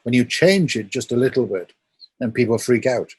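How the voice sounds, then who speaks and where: A man's voice: mid-range voice, animated, normal speed, a little mellow, breathy edge, no room sound. A man talking as an interview guest, thoughtful and explaining his ideas at length with stories. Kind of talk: reflective conversational talk.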